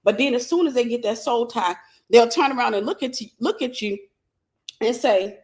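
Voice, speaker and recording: A woman's voice: fairly high pitch, normal speed, a little mellow. A woman minister giving an emphatic, repetitive sermon-style Bible lesson, calling out to her listeners.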